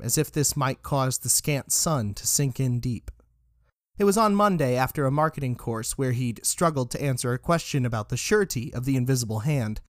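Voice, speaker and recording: A man's voice: medium pitch, dry recording. Man narrating a story, dry sound.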